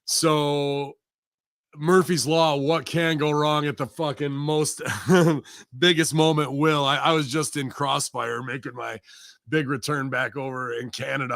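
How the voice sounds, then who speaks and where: A man's voice: medium pitch, gravelly, fairly bright tone, no room sound, studio quality. A man, a pro wrestler, ranting in a heated, profane way on a podcast and acting out what others said. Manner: heated, profane rant acting out quoted voices. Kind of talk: casual podcast chat.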